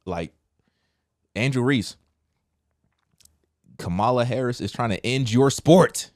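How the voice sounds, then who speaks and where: A man hosting a casual opinion commentary, talking slangy and direct, swinging between loud outbursts and quiet low asides. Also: slow pace, pauses often, no echo, clean studio sound. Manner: casual slangy address, says bro. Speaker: commentary host.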